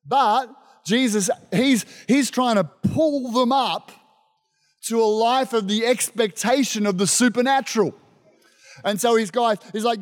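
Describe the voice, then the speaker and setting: A man preaching a sermon as pastor, animated and emphatic, calling out to his congregation. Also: extremely high pitch, a little slow. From Australia. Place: church service. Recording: long reverb of a church hall.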